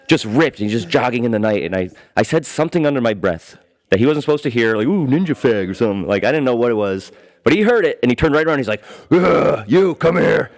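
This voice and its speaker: A man who is a guest comedian, telling crude stories in a casual chat and shouting out the lines he quotes. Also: medium pitch, animated, rapid-fire, no room sound.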